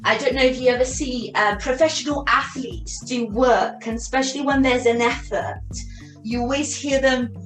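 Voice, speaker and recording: Calm woman cueing a yoga class. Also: sits high, moderate pace. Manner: calm, cueing breath and counting reps. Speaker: yoga and pilates instructor. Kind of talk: guided exercise class instruction. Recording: echoey room with soft music.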